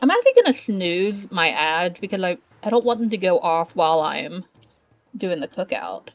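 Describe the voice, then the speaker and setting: A woman's voice: on the low side, big pitch swings. Chatty woman streaming a game. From Southern United States. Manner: chatty and laughs often; talks slowly. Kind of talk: casual live-stream chat while gaming.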